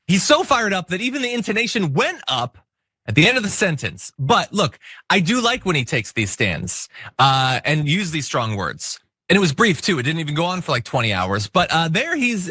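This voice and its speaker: A man's voice: a little high, bright, forceful tone, husky, dry recording, clean studio sound. A man hosting a political commentary show, talking casually with wry asides.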